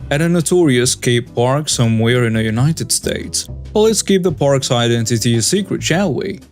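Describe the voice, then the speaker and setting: A man narrating first-person stories as the host of a story channel, reading in a steady scripted way. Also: mid-range voice.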